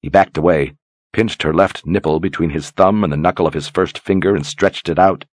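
A man narrating a fantasy audiobook in a measured, dramatic way. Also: low-pitched, dry recording. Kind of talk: scripted narration.

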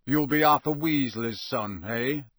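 A man reading aloud, voicing a gruff, scarred old male wizard teacher who speaks in a blunt growl. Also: mid-range voice, a little slow, fairly bright tone, dry recording.

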